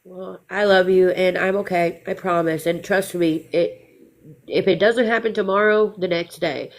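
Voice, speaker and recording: Gravelly low-voiced woman livestreaming. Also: steady tone, moderate pace. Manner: emotional, fighting back tears, defiant. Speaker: livestream host. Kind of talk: emotional live chat.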